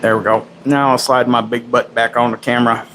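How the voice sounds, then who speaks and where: A man in his forties talks through gear on a live stream in a loose, rambling way, pausing with fillers. There is a faint hiss of noise in the background. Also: mid-range voice, flat delivery, a bit bright, rough recording. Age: 40s. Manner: loose, rambling, swears casually. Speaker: tech livestream host. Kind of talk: casual livestream chat.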